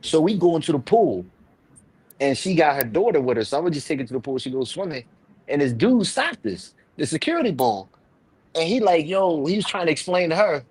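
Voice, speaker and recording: Animated, profane man telling a story. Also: a little high, a little fast, husky, rough recording. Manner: animated, profane, swings loud and quiet while telling stories. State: drunk. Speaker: live show panel host. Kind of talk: casual storytelling on a live panel.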